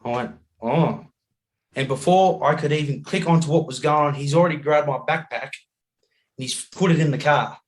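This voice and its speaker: An Australian man telling a travel story as a podcast guest over a video call, animated and laughing often, acting out the people he met. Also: fairly high pitch, moderate pace. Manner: animated yarn-spinning, acts out voices, laughs often.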